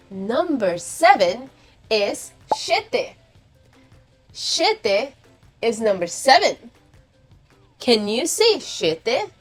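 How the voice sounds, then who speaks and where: A woman teaching young children to count, cheerfully praising them and asking them to repeat after her. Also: high voice. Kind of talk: kids' counting lesson.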